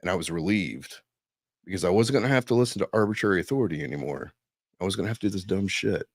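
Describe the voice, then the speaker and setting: Profane, animated male storyteller. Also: sits low, quick pace, husky, no room sound. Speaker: podcast guest. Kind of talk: casual storytelling.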